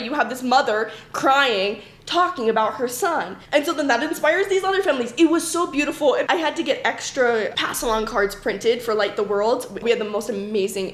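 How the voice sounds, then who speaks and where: A woman podcast host telling stories in an animated way, laughing often. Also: a little high. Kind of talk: storytelling chat. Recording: roomy echo.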